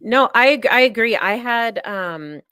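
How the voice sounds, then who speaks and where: A woman hosting a podcast, speaking frankly and animatedly about her own recovery, with quick asides. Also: a little high, expressive, bright, forceful tone, clear, resonant tone, dry recording. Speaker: podcast host. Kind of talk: conversational interview.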